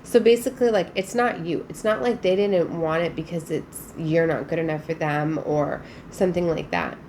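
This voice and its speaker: Woman, tarot reader, casual spiritual talk, emphatic, lots of fillers, slightly low pitch. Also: normal speed, a little mellow, a little hiss or hum. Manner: chatty, emphatic, frequent fillers.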